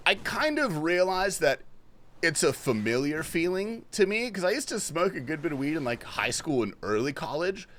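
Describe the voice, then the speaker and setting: Young man streamer, bright voice, very animated, lots of swearing; casual storyteller. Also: high-pitched. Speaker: game streamer. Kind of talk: casual story-telling chat while gaming.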